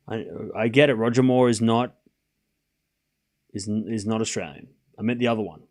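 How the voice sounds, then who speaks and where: A man's voice: lowish voice, moderate pace, a little mellow. A young man casually commentating a tennis match on a live stream, chatting with his viewers, cracking jokes and drifting off on tangents between points.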